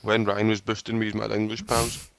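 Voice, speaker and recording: A man's voice: on the low side, completely flat delivery, brisk, a crowd in the background. A young man, swearing and mocking his friends in casual gaming chat. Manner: swearing, mocking banter, loud outbursts. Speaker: gamer.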